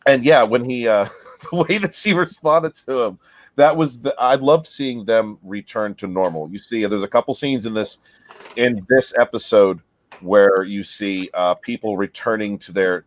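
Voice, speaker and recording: A man's voice: lowish voice, dry recording. Crude, joking man on a podcast. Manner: crude, joking banter with swearing. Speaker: podcast co-host. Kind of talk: casual chat reviewing a TV episode.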